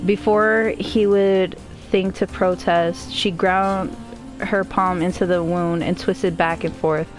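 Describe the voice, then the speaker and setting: A woman's voice: on the low side, steady tone, takes it slowly, soft background music. A woman streamer reading a novel aloud in a casual way, breaking off for joking asides.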